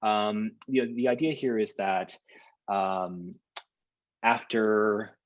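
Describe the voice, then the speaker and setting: A man leading a seminar over a video call, talking in a halting way full of fillers and restarts. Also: on the low side, steady tone, lo-fi sound. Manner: hesitant, lots of fillers and restarts. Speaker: workshop leader.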